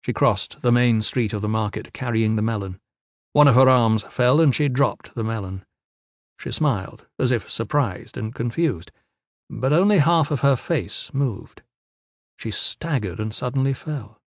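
A male audiobook narrator with a medium-pitched voice reads a fantasy novel in a steady, measured way. He is recorded close to the mic in a very dry room with no echo. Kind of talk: scripted narration.

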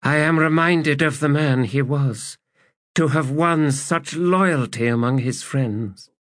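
A man voicing a grieving woman of an ancient non-human race, speaking formally and softly in an audiobook. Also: a little high, slow, dry recording, clean studio sound, voice pushed up. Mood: solemn. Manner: formal, hesitant and soft.

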